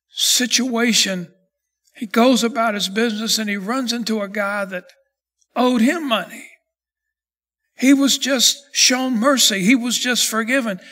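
A man preaching a sermon as pastor, reading scripture slowly and then building in intensity. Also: very high-pitched, bright, forceful tone.

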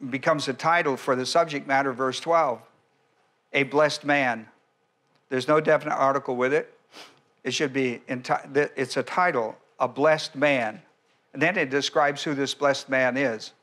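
His voice is mid-range, steady in tone and a little bright as this male pastor preaches deliberately, verse by verse. He often restarts his sentences and now and then clears his throat.

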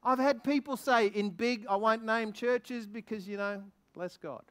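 A man preaching a sermon as a guest minister, excitable and lively, asking the congregation many questions. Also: sits high. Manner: excitable, quickens when stirred.

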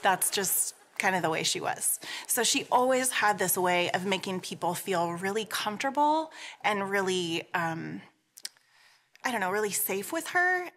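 A woman giving a heartfelt, conversational eulogy for her mother, pausing and restarting as she speaks. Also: mid-range voice, animated, fairly bright tone. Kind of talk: personal memorial tribute.

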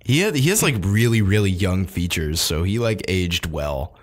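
A man's voice: sits low, lively intonation, normal speed. A man co-hosting a podcast, casually chatting about films, laughing often and swearing freely. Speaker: podcast co-host. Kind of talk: casual film review chat.

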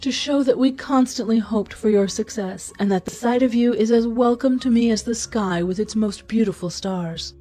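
A sweet, respectful young princess from a fairy tale, as a woman narrator puts her on. She speaks formally, in a voice pitched above the reader's own. The tone is soft, mellow and slightly breathy. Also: normal speed, few pauses, soft background music, natural voice.

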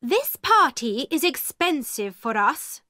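A stern, indignant headmistress, put on by a woman reading a storybook aloud, her voice climbing high and swinging widely as she presses each word slowly and sharply. The sound is close and dry. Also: big pitch swings, no room sound, exaggerated voice. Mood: pleased. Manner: sharp, indignant, slow and emphatic. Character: stern, angry female headmistress, middle-aged.

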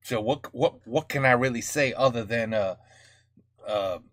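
A man from the United States reacting to a music video in casual, halting commentary full of fillers and restarts. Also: medium pitch, fairly bright tone, no echo, clean studio sound. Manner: thinking aloud, many fillers and restarts.

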